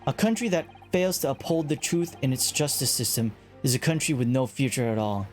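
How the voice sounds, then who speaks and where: A man's voice: medium pitch, a little fast, soft background music, close to an everyday voice. A man voicing a nervous but determined young male law student giving an earnest speech.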